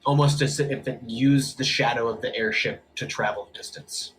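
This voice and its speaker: A man's voice: mid-range voice, fairly even intonation, moderate pace, a bit bright, soft background music, rough recording. A man narrating as game master, casual, with many fillers.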